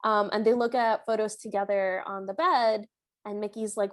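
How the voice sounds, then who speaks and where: A woman's voice: mid-range voice, fairly even intonation, normal speed. A woman co-hosting a podcast, recapping a film in a casual, chatty way with lots of filler words. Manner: chatty, filler-heavy storytelling with frequent "like". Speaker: podcast co-host.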